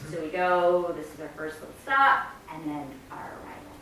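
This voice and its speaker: During choir rehearsal, a woman explains rhythm and breathing, breaking into sung example phrases. Her lowish voice is expressive and sharp, at normal speed. A little hiss or hum accompanies the far-off, echoey room sound and faint ambience.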